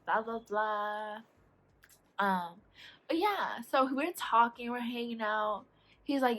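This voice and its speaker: A woman's voice: mid-range voice, normal speed. Young woman telling a storytime vlog. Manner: animated, laughing, acts out quoted lines. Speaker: vlogger. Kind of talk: casual storytime chat.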